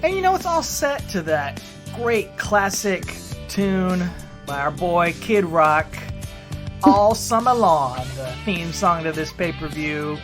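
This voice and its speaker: A man's voice: high voice, very animated, slow pace, over music. Laid-back male podcast co-host. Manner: laid-back, recaps matches with fillers. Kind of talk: casual podcast chat.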